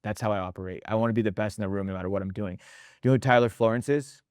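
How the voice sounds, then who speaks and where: A man's voice: lowish voice, steady tone, racing, a little mellow, no echo, clean studio sound. Intense, emphatic man hosting a podcast. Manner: emphatic and intense, keeps checking in with "right?"; blunt, drops mild swearing for emphasis. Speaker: podcast host and restaurant consultant. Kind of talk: casual interview talk.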